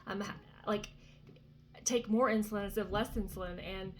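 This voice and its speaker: A Christian vlogger in her thirties talks casually from a vacation cabin, sharing an earnest faith testimony full of fillers and asides. Her voice is medium-pitched and steady at normal speed, with slight background noise.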